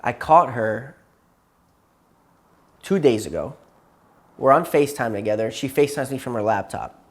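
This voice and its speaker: A man's voice: medium pitch, expressive, moderate pace. A man telling a long story to his therapist, rambling and repeating himself, tired and burnt out. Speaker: client in therapy session.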